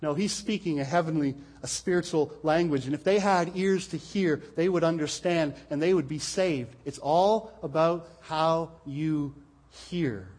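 Man, preacher, sermon, earnest, repeats himself, fairly high voice. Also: unhurried, a little mellow. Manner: earnest, repeats words when stressing points.

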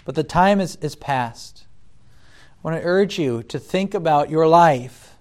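A man preaching a sermon, deliberate, rising loud when he quotes scripture and dropping soft between points. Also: on the high side, lively intonation. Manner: deliberate, swells loud on scripture then drops quiet.

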